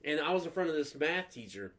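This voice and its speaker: A man's voice: a little high, sing-song, fast talker, fairly bright tone. A man hosting a casual podcast, telling profane stories and acting out other people's voices. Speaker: podcast host. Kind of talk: casual storytelling chat.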